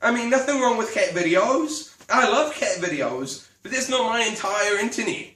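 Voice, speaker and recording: A drunk woman rants in a casual vlog, indignant, sweary and rambling. Her voice sits high, and she sounds set back from the mic in an echoey room. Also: animated, normal speed, a bit bright, far from the mic. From New Zealand. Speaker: vlogger. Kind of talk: casual ranting monologue.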